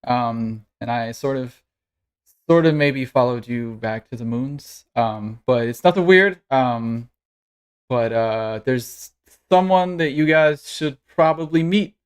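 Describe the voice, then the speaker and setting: A man's voice: medium pitch, slow, smooth, natural voice. A man voicing a weary, shy dragonkin father who stammers and hesitates in a tabletop game. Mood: nervous hesitant. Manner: hesitant, stammering, full of ums.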